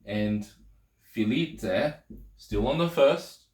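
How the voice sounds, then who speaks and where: A man's voice: mid-range voice, animated, very slow, darkish tone, roomy sound. A man teaching a recorded language lesson, explaining patiently and checking in with frequent "okay"s, possibly. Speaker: Greek teacher. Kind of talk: video lesson.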